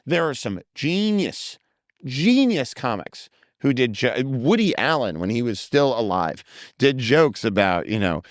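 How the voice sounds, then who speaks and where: A man from the United States, a comedian guest in a casual interview, talking quickly with many fillers and some swearing. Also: medium pitch, big pitch swings, dry recording, clean studio sound.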